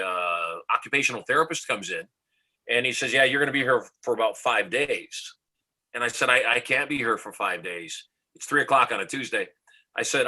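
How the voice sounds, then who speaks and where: A middle-aged motivational speaker from the United States confidently narrates a story on a podcast, acting out the exchanges. He has a sharp, medium-pitched voice, and the audio is poor.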